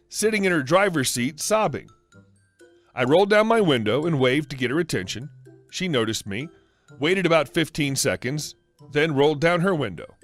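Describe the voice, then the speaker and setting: Male narrator with a lively, fairly high voice. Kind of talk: scripted narration of online stories. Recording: faint music underneath.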